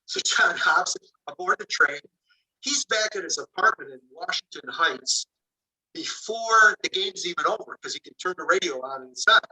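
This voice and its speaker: A man speaks well away from the microphone, his voice high-ish and very bright. He tells his story loosely, with plenty of "you know" and "like," slipping into quoted dialogue as he goes. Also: moderate pace, slightly rough, far from the mic, rough recording. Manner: animated anecdote-telling, acting out dialogue, many fillers. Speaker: author. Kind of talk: casual storytelling.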